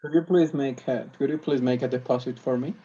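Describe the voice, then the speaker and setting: A man practices polite requests in an English lesson, restarting and searching for words as he goes. His voice is mellow and relaxed. The audio is dull and lo-fi. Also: mid-range voice, brisk, slightly rough. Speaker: English student.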